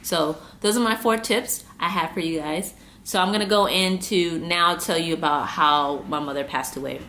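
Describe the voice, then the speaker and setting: A woman's voice: lowish voice, moderate pace, sharp tone. A woman in her twenties from the United States, talking earnestly to camera about coping with grief, repeating herself and holding back tears. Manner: earnest, repeats herself, trying not to cry. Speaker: vlogger. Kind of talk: personal talk to camera.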